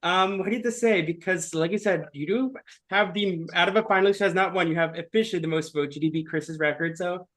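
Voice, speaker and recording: A male host with a slightly high voice reads the final votes one by one at an even, deliberate pace. Between the tallies he slips into relaxed, casual asides to the players. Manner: steady, measured vote tally with casual fillers. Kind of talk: casual online game finale.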